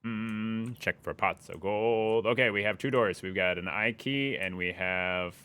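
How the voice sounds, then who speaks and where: A man's voice: fairly low pitch, a little slow, sharp tone, clean tone, faint music behind. A young man giving playful live commentary as he plays a game, humming along and taunting enemies. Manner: playful, taunts enemies and hums while playing. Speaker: streamer.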